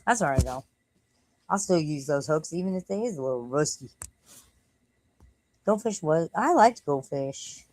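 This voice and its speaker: A woman's voice: low-pitched, lively intonation, normal speed, long pauses, darkish tone, a little hiss or hum, low-quality recording. A woman live streamer chatting casually from home, rambling and cursing freely.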